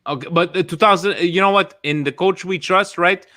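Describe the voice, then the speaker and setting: A man's voice: high-pitched, fairly quick. Upbeat man hosting a podcast. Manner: lively, upbeat, hands the mic to guests. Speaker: podcast host. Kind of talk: casual chat.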